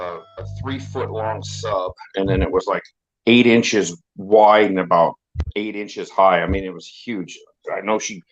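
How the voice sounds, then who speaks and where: A man hosting a casual talk show, telling rambling anecdotes and acting out the people in them. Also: on the low side. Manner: rambling storyteller who acts out quoted dialogue. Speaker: podcast host. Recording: dull lo-fi audio with faint noise.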